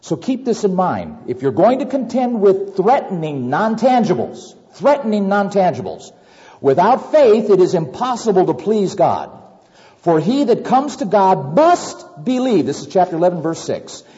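Male pastor, sermon delivery, mellow tone, very lively pitch, dull lo-fi hall recording with long reverb. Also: moderate pace. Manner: animated, acts out worried scenarios with repetitions.

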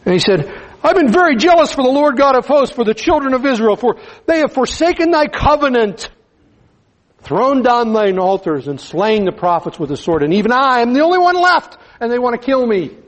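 Overwrought weary prophet, high-pitched and pleading, voiced by a man preacher. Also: big pitch swings, a little fast, low-quality recording. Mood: complaining. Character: self-pitying weary male prophet, overwrought.

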